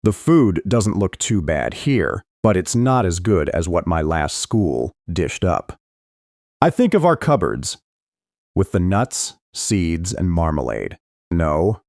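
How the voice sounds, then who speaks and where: A man reading a first-person thriller audiobook with expressive, tense storytelling. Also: sits low, takes it slowly, gravelly, no room sound, clean studio sound. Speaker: audiobook narrator.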